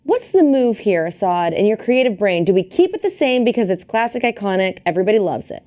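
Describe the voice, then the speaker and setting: A woman's voice: medium pitch, very animated, quick pace, mellow. A woman co-hosting a podcast in casual, playful chat, laughing often. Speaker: podcast co-host.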